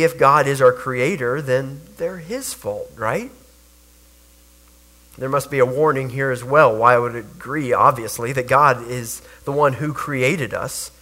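A man's voice: on the high side, sharp tone. A man preaching a sermon, earnest, with rhetorical questions and repeated words. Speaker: pastor.

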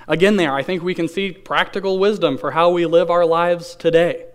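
A man delivers a sermon, reading scripture and then explaining it in an earnest, conversational way. His voice is smooth and clear and sits a little high for a man. He asks his listeners questions and slows down to lean on key phrases. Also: steady tone. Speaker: pastor.

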